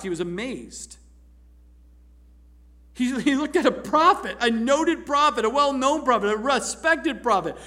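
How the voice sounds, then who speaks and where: A man preaching a sermon, reading scripture and retelling it in an animated, laughing way. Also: very high voice. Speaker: pastor.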